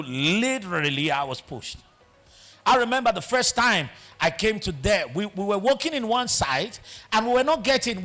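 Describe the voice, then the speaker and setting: A guest speaker with a Nigerian accent and a high-pitched voice gives a motivational talk in a large auditorium. He tells a story animatedly, swinging between loud and hushed moments.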